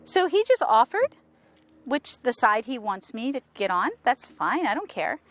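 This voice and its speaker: A woman horse trainer talking casually to viewers while working a horse, coaxing it with soft praise and explaining with enthusiasm. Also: a little high, sing-song, a little slow, slight background noise. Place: outdoors with a horse.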